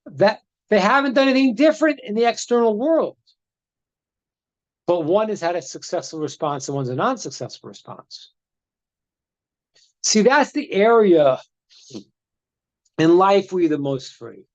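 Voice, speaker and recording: Brief: lively male rabbi telling a teaching story, pitch swinging widely, repeating words, over slightly muffled call audio. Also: unhurried, long pauses. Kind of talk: religious lesson with a storytelling part. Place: online meeting. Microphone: video call.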